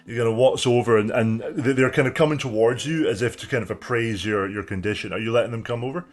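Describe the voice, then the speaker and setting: A man's voice: mid-range voice, quick pace, few pauses, soft background music. A young man narrating a tabletop game as game master, descriptive and full of fillers. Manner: descriptive, hesitant, many fillers.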